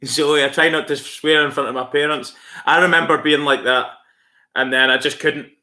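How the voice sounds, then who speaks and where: A man's voice: on the high side, fairly even intonation, moderate pace, bright, forceful tone. A Scottish man chatting casually on a live stream, swearing freely and laughing often as he answers viewers. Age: adult with school-age kids.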